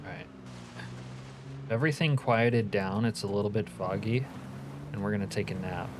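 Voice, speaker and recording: A man's voice: on the low side, moderate pace, noisy background. A man casually commentating his own game stream, joking and reading chat comments aloud.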